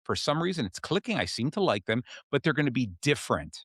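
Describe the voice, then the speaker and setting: A man's voice: mid-range voice, sing-song, quick pace, fairly bright tone, slightly rough, no room sound, studio quality. A man hosting a self-help podcast, explaining ideas in a casual way and often checking in with "okay?". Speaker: podcast host.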